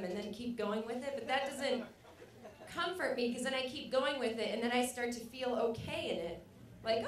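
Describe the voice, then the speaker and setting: A young woman rambles through a stand-up set, mocking herself and breaking into loud acted outbursts. Her voice sits a little high. She is heard from a distance in an echoey club. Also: normal speed, a little hiss or hum. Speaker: stand-up comedian. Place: comedy club stage. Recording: echoey club recording from afar.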